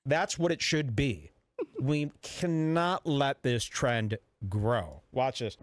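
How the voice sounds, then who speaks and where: Brash animated male radio host. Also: mid-range voice, no room sound. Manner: brash, mock-serious and deliberately offensive. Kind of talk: provocative comedic talk radio rant.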